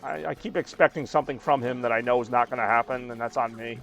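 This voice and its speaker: A man's voice: medium pitch, fairly even intonation, fast, gravelly, a bit bright, soft background music. A man in his thirties streaming a game and chatting casually, rambling with lots of fillers. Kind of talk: casual chat while gaming.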